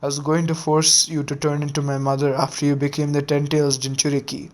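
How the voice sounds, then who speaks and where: A man voicing a scheming, ancient male shadow creature in a monotone. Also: on the high side, fairly quick, close to an everyday voice. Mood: flat.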